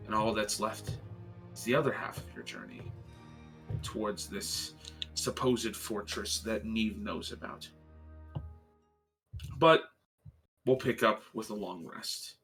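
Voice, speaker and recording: A man running a tabletop game as game master, relaxed and playful, laughing often between narration. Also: lowish voice, slow pace, long pauses, soft background music.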